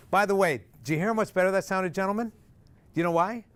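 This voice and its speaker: Guy running a singing workshop, kinda high voice, jokey, sings bits to show, music faintly behind. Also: fairly quick. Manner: animated, joking, demonstrates by singing. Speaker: singing instructor.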